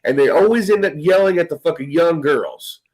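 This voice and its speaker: Here a man talks at a fairly high pitch while he tells a rambling story, with plenty of cursing along the way. His casual delivery breaks into laughter again and again. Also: a little fast, darkish tone. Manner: profane, rambling, laughing often. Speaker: host.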